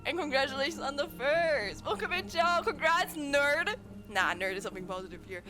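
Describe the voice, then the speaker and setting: A woman's voice: high voice, expressive, moderate pace, over music. A young woman from Germany streaming casual chat with viewers, sleepy and giggling until she cries with laughter. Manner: giggly, laughs at her own jokes.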